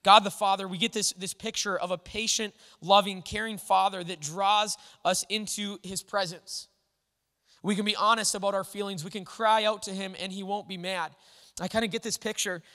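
A man's voice: high-pitched, fairly even intonation, moderate pace, pushed and bright. A man preaching a sermon in an earnest, conversational way, with frequent restarts. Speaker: pastor. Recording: long hall reverb.

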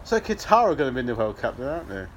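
A man's voice: mid-range voice, very fast, slight background noise, rough recording. A man in his thirties with an English accent, co-hosting a casual podcast chat, laughing easily and stumbling over his words. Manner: animated, chatty, laughs easily, stumbles and restarts. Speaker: podcast co-host.

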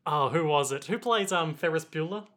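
A man co-hosting a podcast, chatting casually, quick and joking, laughing often. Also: on the high side, lively intonation, fairly bright tone. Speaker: podcast co-host.

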